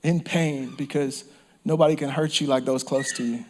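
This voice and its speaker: A man's voice: medium pitch, fairly even intonation, normal speed, darkish tone, slight background noise. A man preaching a sermon as pastor, impassioned, repeating phrases and sometimes dropping to a whisper. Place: church or campground service.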